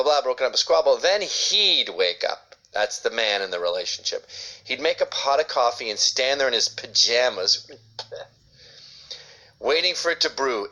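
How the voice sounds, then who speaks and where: A man's voice: fairly high pitch, bright, forceful tone. A man, a father, giving a sarcastic, ranting comedic commentary on an article he reads aloud. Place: New York. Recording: dull lo-fi screen recording.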